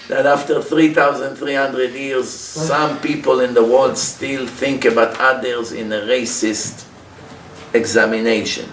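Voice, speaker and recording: Man preaching in an echoey room, recorded far off. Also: mid-range voice. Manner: animated storyteller, rhetorical questions, acts out characters. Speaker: religious teacher. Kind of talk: sermon-style Torah talk with storytelling. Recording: echoey room, mic from far off, faint hiss.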